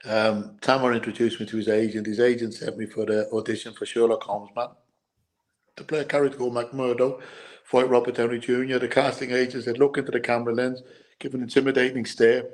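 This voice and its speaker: A middle-aged man with an Irish accent tells his life story as an interview guest. He stumbles and repeats himself, and tears are never far off. His voice sits at an ordinary pitch for a man. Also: level tone. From Ireland. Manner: halting, repeats words, tearful at times. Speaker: guest, former boxer.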